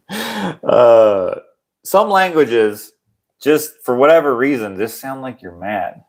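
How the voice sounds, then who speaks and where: A young man with a fairly low voice hosts a casual livestream chat. He rambles from joke to joke and reads viewer comments aloud in a relaxed, easygoing way. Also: takes it slowly, vocal fry, pauses often. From Canada. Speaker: livestream host.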